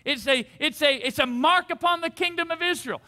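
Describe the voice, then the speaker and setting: A pastor in his forties speaks fairly quickly in a very high, bright, forceful voice, preaching fervently at a church service. He leads the congregation in call-and-response, having them repeat his words.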